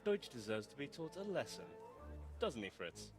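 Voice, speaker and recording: A man's voice: medium pitch, very animated, normal speed, music in the background, close to an everyday voice. An actor playing a mischievous young villager plotting a prank with his friends. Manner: conspiratorial, mischievous. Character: scheming young village troublemaker.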